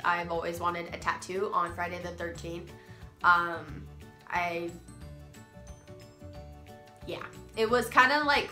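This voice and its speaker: Young woman, stuffy nose, bright tone, rambling with ums, roomy echo. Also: mid-range voice. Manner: rambling, lots of ums and restarts. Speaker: vlogger. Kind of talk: casual personal storytelling. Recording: roomy echo, faint music.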